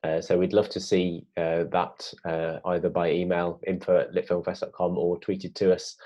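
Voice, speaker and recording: A man co-presenting a children's writing lesson in a relaxed, encouraging way, with hesitations. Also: deep voice, normal speed. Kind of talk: classroom lesson video.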